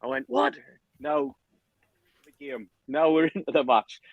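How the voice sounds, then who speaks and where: A man telling a lively anecdote on a podcast, acting out the other people's lines. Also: a little high, unhurried, vocal fry, no echo, narrow, tinny audio. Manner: animated storyteller, acts out quotes, laughs often. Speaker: podcast guest telling a story. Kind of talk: casual anecdote.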